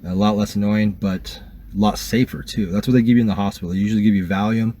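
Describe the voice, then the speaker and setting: A man's voice: on the low side, steady tone, fast talker, dark tone. A man telling a rambling, profane first-person story to his camera as a vlogger, filled with likes and ums. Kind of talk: casual first-person account.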